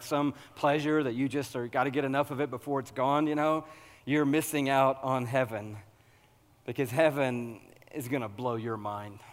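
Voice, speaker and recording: A man preaching a sermon, animated and humorous, working up to loud, excited preaching. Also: mid-range voice, in a large hall. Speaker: pastor.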